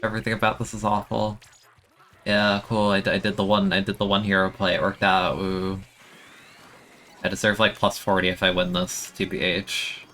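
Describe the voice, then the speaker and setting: A young man streaming a video game, chatting excitably and self-mockingly, often stammering and repeating words. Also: sits low, normal speed, slight background noise. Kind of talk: casual gameplay commentary.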